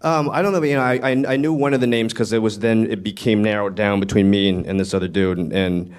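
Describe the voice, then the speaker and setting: A lower-voiced man telling an animated, profane story at a live Q&A. He acts out what others said and laughs along as he goes. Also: quick pace, smooth. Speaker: screenwriter guest. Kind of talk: casual anecdotal storytelling. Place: live Q&A event.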